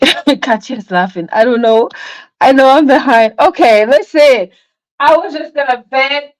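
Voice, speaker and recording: A woman's voice: high-pitched, unhurried, no room sound, rough recording. A woman hosting a casual livestream, talking through drama with her chat in a rambling way, sometimes dropping to a near whisper. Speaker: livestream host. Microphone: phone.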